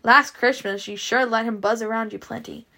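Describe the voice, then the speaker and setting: A woman's voice: fairly high pitch, fairly even intonation, normal speed, vocal fry, pushed and bright. A woman reading a story aloud and voicing eager young male twin suitors in a boyish, pleading manner.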